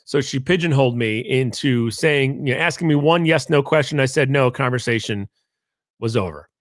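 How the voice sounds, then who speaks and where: A man's voice: mid-range voice, normal speed, no echo, studio quality. A man hosting a live-streamed marketing talk show, talking casually with many fillers and asides. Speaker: host. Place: home in Connecticut.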